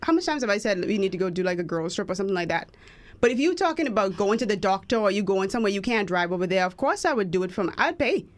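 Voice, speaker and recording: Woman from the Bahamas, radio co-host, animated and chatty. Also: mid-range voice, quick pace. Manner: lively storytelling, animated and laughing. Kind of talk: casual chat.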